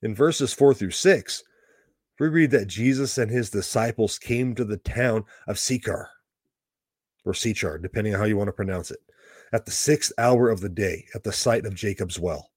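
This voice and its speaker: A man's voice: mid-range voice, darkish tone, no echo, clean studio sound. A man teaching a Bible passage verse by verse, explaining the background in a conversational way with casual asides.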